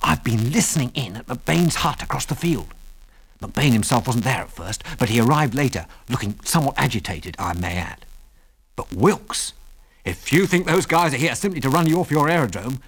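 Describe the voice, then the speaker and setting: A man voicing a young male pilot sidekick who talks abruptly and briskly. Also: medium pitch, animated, pitched above the performer's own voice.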